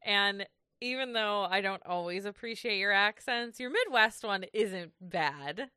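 A woman's voice: mid-range voice, expressive, unhurried, sharp tone, smooth, dry recording, studio quality. A woman co-hosting a podcast, chatting casually through a recap and laughing easily as she reads from her notes. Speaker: podcast co-host.

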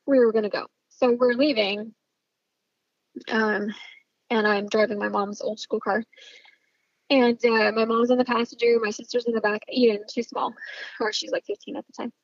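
Husky woman telling a story. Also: fairly high pitch, flat delivery, moderate pace, pauses often, no echo, lo-fi sound. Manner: intense, swears freely, trails off with fillers. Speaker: storyteller recounting a personal family event. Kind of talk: casual spoken storytelling.

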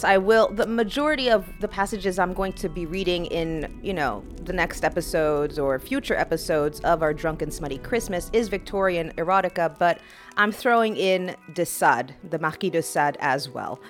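A woman hosting a podcast in a playful, teasing and suggestive chat, often laughing. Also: lowish voice. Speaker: podcast host.

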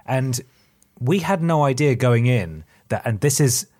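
A man's voice: medium pitch, expressive, a little slow, a little mellow. A man chatting casually as a podcast co-host, telling self-deprecating work stories. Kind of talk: casual chat.

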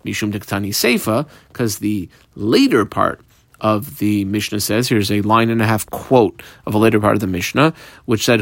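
A man's voice: fairly low pitch, sing-song, normal speed, fairly bright tone, dry recording, studio quality. A man teaching a Talmud page step by step, mixing Aramaic and Hebrew terms into plain English explanation. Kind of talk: page-by-page Talmud study lesson.

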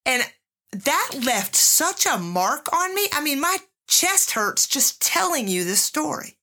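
A woman's voice: high-pitched, big pitch swings, takes it slowly, bright, forceful tone. A middle-aged woman hosting a podcast, telling a personal story in a candid, emotional way and speaking directly to her listeners. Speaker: podcast host.

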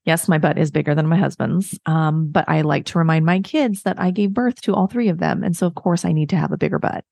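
A woman's voice: sits low, a little fast, gravelly, a little mellow, dry recording. A woman in her thirties hosting a podcast, giving candid, self-mocking, chatty advice to other parents. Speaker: podcast host. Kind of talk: casual solo advice talk.

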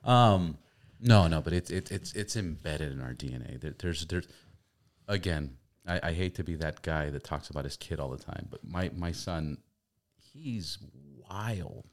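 A man's voice: extremely low pitch, moderate pace. A man in his thirties hosting a casual chat, telling stories and acting out quoted voices. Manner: animated storyteller, acts out quotes. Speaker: podcast host.

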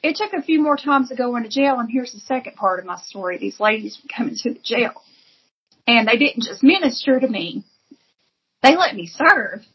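Woman guest, husky higher voice, earnest vivid testimony, lo-fi sound. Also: expressive, moderate pace. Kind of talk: emotional personal testimony.

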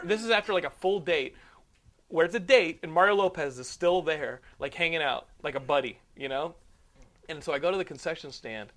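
A man's voice: on the high side, fairly bright tone. Profane rambling young male podcast host. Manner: rambling storyteller, profane, acts out dialogue. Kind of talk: casual podcast chat.

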